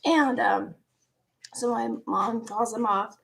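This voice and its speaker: A woman of about forty tells a personal story in a slow, unhurried way, with a gravelly edge to her fairly high voice. She is animated and laughs often, and sometimes drops into hushed asides. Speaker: vlogger.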